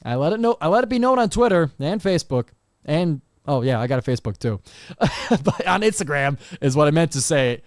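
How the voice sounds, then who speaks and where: A young man hosts a solo sports podcast into a close mic. His voice sits high, and the room sounds dead dry. He moves from game recaps into an animated, exasperated rant full of quick asides. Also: no echo. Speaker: podcast host.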